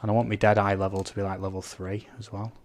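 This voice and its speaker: Male streamer, slightly low voice, casual running chat over gameplay. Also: little pitch movement, fast. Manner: chatty, reads out viewer comments, blurts game sound effects. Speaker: gaming live streamer.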